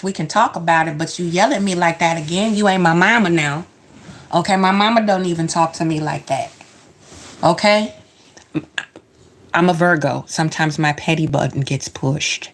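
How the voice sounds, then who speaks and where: A woman's voice: medium pitch, fairly bright tone. A woman giving sassy, emphatic casual commentary as she reacts to show clips.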